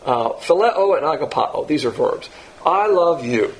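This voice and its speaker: A male preacher teaching scripture with a gravelly, husky voice. He is blunt and combative, mocking what he dislikes with sarcasm. His pitch leaps up suddenly when he stresses a point. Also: animated, a little slow. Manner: emphatic, with sudden loud jumps in pitch. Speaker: Bible teacher. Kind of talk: sermon-style Bible teaching.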